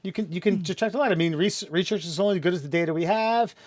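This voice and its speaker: A man hosting a casual podcast, swearing often and rambling in quick bursts. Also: high voice, no room sound. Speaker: podcast host.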